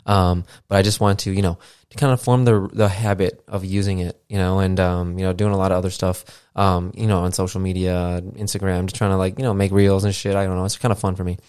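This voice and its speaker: A man's voice: deep voice, little pitch movement, fast, darkish tone, clear, resonant tone, dry recording. A man hosting a casual solo podcast, rambling with lots of fillers and casual swearing, into a studio mic. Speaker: podcast host. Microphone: podcast mixer with studio mic.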